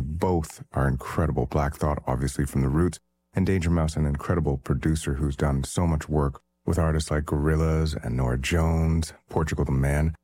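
A man with a very deep, mellow voice hosts a music radio show. He talks casually between tracks, easygoing and chatty, with the odd "uh" along the way. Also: breathy edge. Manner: relaxed, chatty, with fillers. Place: Toronto, Canada.

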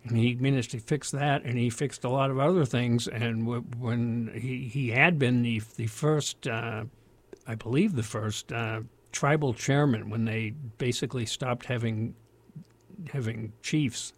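A man's voice: mid-range voice, fairly even intonation, unhurried. An older American man telling a long personal story in a loose, rambling way, full of restarts and fillers. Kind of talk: casual spoken storytelling.

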